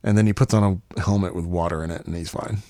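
Low-voiced man with wry asides. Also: quick pace, no room sound, studio quality. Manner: wry, deadpan interjections and jokes. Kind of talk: casual comedic chat.

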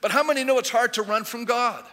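A man's voice: extremely high pitch, fast talker, sharp tone. A man preaching a sermon in a conversational way, asking rhetorical questions as he goes. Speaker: pastor. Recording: long hall reverb.

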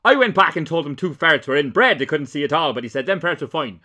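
A man voicing an angry, foul-mouthed Irish farmer, shouting and swearing as he reads a quote aloud. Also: on the high side, lively intonation, fast talker, pitched above the performer's own voice. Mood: furious. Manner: ranting, shouting, heavy swearing. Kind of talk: comic read-aloud of a quote.

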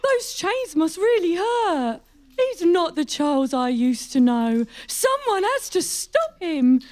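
A woman's voice: very high-pitched, sing-song, slow pace, a little mellow, heavily acted. A woman playing a tearful abandoned wife. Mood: forlorn. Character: forlorn abandoned wife prisoner, tearful and sympathetic. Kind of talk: comedy audio drama.

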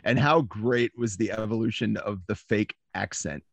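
A man's voice: fairly low pitch, creaky, no echo. Agreeable man chiming in on a podcast. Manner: agreeable, quick to chime in. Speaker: podcast co-host. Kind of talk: casual chat.

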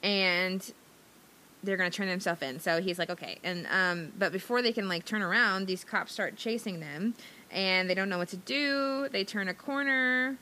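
A woman's voice: medium pitch, moderate pace, bright, forceful tone, slight background noise. A woman co-hosting a podcast, recapping a movie plot in rambling casual chat with lots of fillers and giggles. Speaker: podcast co-host.

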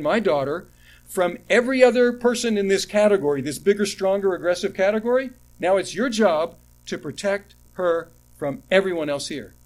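A middle-aged male pastor preaching in a voice pitched a little above most men's. He swings from loud, emphatic lines to quiet asides. He circles back and restarts phrases as he tells stories to the congregation. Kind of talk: sermon.

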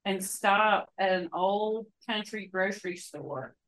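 A woman from Mississippi co-hosting a relaxed podcast. She tells family stories and teases her co-host. Her voice has an everyday middle pitch. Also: slow, rough recording. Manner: storytelling, teasing. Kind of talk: casual chat.

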